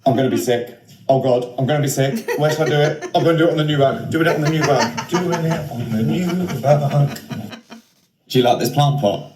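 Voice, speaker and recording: A man's voice: a little high, fairly quick, reverberant, close to an everyday voice. A man voicing a sarcastic house cat. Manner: deadpan, teasing.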